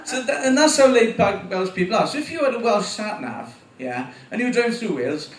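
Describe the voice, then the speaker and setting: In a small venue before a live audience, a nervous first-time stand-up comic in his forties rambles through a sweary set and chuckles at his own jokes. His high-pitched voice has lively intonation and runs a little fast. He's recorded from a distance in an echoey room with faint ambience.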